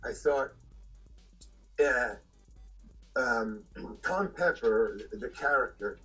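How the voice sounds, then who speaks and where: An older man, an actor being interviewed, telling stories in a halting way with restarts and chuckles. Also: mid-range voice, expressive, pushed and bright, slightly rough, faint music behind, rough recording. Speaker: actor guest. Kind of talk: anecdotal storytelling.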